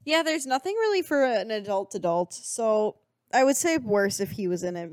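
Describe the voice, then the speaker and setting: Young woman co-host, bubbly teasing chatter, bright high register. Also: expressive, smooth, no room sound. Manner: gushing, playful, quick to tease. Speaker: podcast co-host. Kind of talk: casual chat.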